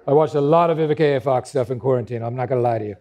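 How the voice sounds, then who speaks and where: A man's voice: medium pitch, very fast, warm tone. A man co-hosting a podcast in a casual comedic chat, playful and given to mock-serious bits. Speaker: podcast co-host.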